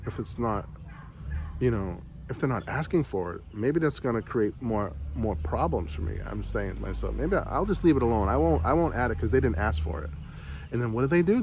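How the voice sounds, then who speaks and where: A frustrated man from the United States vents on his vlog, swearing and circling back over the same points. His voice sits at an ordinary middle pitch. Faint crickets and roosters murmur behind him at home in the Philippines. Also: a little mellow, a little hiss or hum. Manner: frustrated, swearing, repeats himself. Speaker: vlogger. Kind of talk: casual vlog rant.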